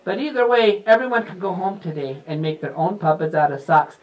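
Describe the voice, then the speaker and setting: A man's voice: high voice, steady tone, fairly quick, highs cut off. A man working as a puppeteer, talking playfully to children in a live puppet show and quizzing them. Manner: playful, teacherly questions to kids.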